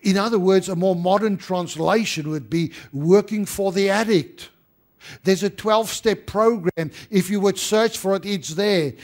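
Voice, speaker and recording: A man preaching a sermon as pastor, rising to emphatic stress and dropping to hushed tones. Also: sits high, unhurried.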